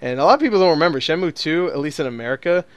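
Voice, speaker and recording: A man's voice: fairly high pitch, expressive, very fast, clean tone, no room sound. A man hosting a podcast in casual chat, rambling, laughing often and swearing freely. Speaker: podcast host.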